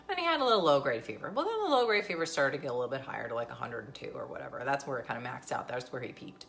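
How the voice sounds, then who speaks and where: A woman's voice: low voice, animated, fast talker, vocal fry, few pauses, a bit bright, slight background noise. A woman, talking casually and sarcastically to camera as a vlogger. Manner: chatty, sarcastic, venting.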